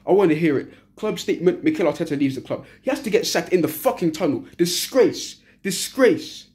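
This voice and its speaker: Young woman, furious fan rant, heavy swearing, repetitive, very animated pitch. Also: fairly quick. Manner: furious, profane, repeats short phrases. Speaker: football fan giving a match reaction. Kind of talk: angry post-match rant.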